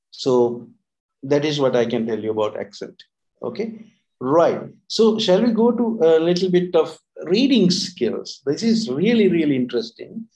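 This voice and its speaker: A man's voice: mid-range voice, a little mellow, poor audio. A man co-hosting an English-learning talk from Sri Lanka, chatting casually and rambling with many restarts and fillers. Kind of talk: casual teaching chat.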